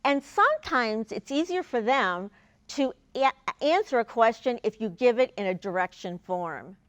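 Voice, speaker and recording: A woman presenting a training video for educators, speaking clearly and deliberately and stressing key words. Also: a little high, lively intonation, a bit bright, no room sound. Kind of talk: instructional talk to educators. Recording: dull lo-fi sound, dry.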